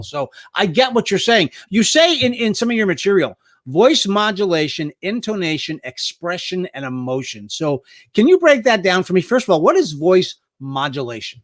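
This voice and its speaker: A man's voice: sits high, very animated, moderate pace, few pauses, a bit bright. A man hosting an interview, chatting and telling stories from his days as a performer before asking questions. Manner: chatty, storytelling, asks questions. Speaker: podcast host. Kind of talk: interview conversation.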